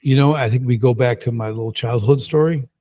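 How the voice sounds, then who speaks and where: A middle-aged man, a podcast guest, telling his story in a casual, lively and emphatic way. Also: medium pitch, a little fast. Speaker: guest entrepreneur.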